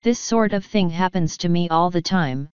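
A woman's voice: fairly low pitch, normal speed, smooth, dry recording, highs cut off, close to an everyday voice. A woman voicing a nervous, cowardly male wizard who talks earnestly.

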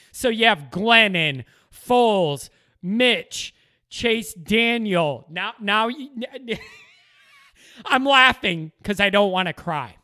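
Fed-up male sports commentator, repeats himself for emphasis, bright and smooth tone. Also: sits high. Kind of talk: opinionated sports rant.

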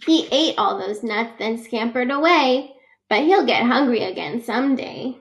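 A woman's voice: on the high side, animated, measured pace. A woman reading a children's picture book aloud, patiently explaining facts and adding personal asides. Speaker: read-aloud reader.

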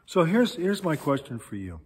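Husky guy preaching a sermon, lively ups and downs, lots of uhs, big echoey church. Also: a little high. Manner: animated storytelling with many pauses and fillers. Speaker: pastor. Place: church sanctuary.

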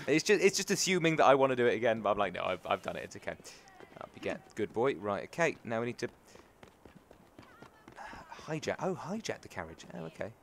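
With a gravelly mid-range voice, big pitch swings, and a brisk pace, a young British gaming YouTuber from England chats through a video game and mocks himself. Game music plays, and there's a little hiss or hum on the recording.

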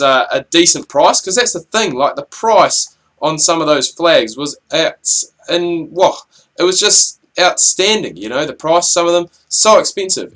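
A young man giving chatty, rambling commentary over his gameplay, with excitable outbursts at the action. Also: a little high. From New Zealand. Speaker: gaming channel host.

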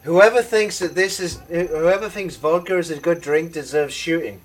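A man giving casual gameplay commentary, excitable and swearing, with sudden shouts and laughs. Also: on the high side, normal speed, recorded from a distance, low-quality recording. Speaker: gaming video host.

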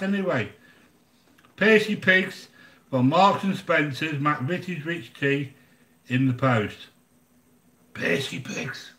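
Hosting his live cooking stream, this older English man talks to viewers casually and bluntly, full of grumbles and jokes. His fairly high voice sounds pushed and bright, and the room echoes around him.

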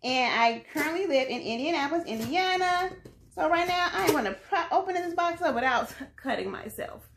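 A Chicago woman who runs a food vlog unboxes cookies at home and tastes them, chatting playfully to her viewers in a casual way. Her voice is high and a bit bright, with lively intonation and a fairly quick pace. The room is echoey, with faint noise in the background.

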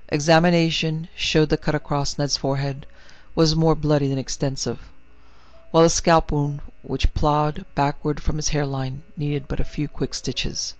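A man reading a horror story in a steady, vivid narrating voice. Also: a little high, normal speed, no echo. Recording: dry, slightly muffled recording.

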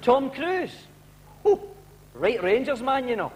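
Man as a sad-sack Scottish fan, high, wry. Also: big pitch swings, slow, very noisy, heavily acted. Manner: pleading, wry. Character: desperate, hapless male football fan.

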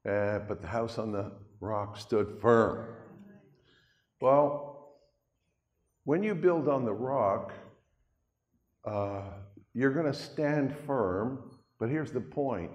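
In a church hall with long, echoing reverb, an older pastor from Canada delivers a chatty, folksy sermon with asides to his congregation. His mid-range, darkish voice is animated, drawing out words and pausing often, and the audio sounds dull.

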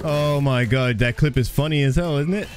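A streamer chats with his live chat while playing a shooter game, laughing often, with game music, game sounds, and gunfire behind him. He has a mid-range voice at a moderate pace, and the recording is very noisy.

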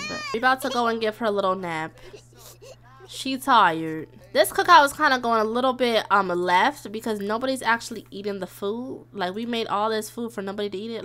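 Her voice is mid-range and a bit bright as this young gaming streamer delivers casual Let's Play commentary on a life-sim game. Addressing viewers directly, she's chatty and dramatic, squealing and laughing along the way.

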